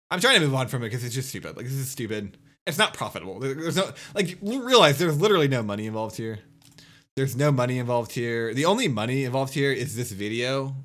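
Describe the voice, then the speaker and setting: A man's voice: medium pitch, fairly bright tone. A young man, a YouTuber, ranting to his viewers in an exasperated, scolding way that keeps repeating itself. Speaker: YouTuber and streamer.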